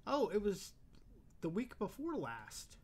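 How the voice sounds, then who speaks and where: A man's voice: high-pitched, wildly swooping pitch, takes it slowly, a little mellow, husky. A man co-hosting a wrestling podcast in casual chat, sarcastic and swearing, with hesitant fillers. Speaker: podcast co-host.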